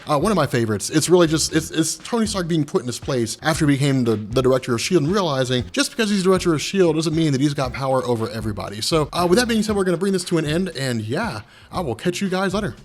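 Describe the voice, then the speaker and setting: Laid-back slangy comics host. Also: male voice, on the high side. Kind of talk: casual comic story recap.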